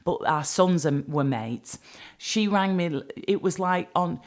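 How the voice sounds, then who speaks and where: A middle-aged woman co-hosting a podcast in casual chat, talking fast, swearing and laughing often. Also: fairly low pitch. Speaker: podcast co-host.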